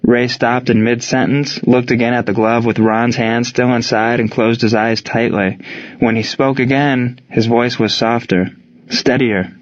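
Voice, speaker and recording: A man narrating an audiobook in a steady, measured reading. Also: medium pitch. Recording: dull lo-fi recording.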